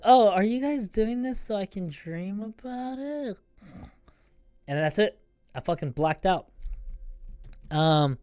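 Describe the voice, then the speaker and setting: Young male podcast host, crude rambling storyteller, smooth voice, dry close sound. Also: on the high side, darkish tone, dry recording. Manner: profane, rambling, laughing often. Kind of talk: casual storytelling.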